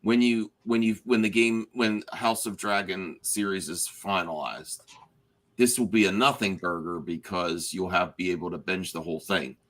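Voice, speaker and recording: A man with a slightly low but bright, forward voice chats casually about a TV finale. He is animated and often restarts his sentences. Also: moderate pace. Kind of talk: casual spoiler chat.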